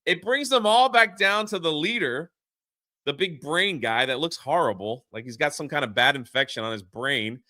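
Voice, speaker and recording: Male podcast host, fairly high and bright, dry close sound, loose rambling recap. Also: moderate pace, dry recording. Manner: rambling plot recap with many fillers. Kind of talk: casual spoiler movie review.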